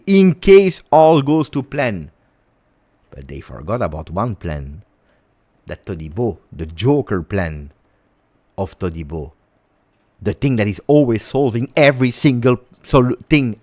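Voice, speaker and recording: A man hosting a livestream of football transfer news, speaking theatrically, repeating words, and swinging between quiet asides and loud outbursts. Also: mid-range voice. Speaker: football fan channel host.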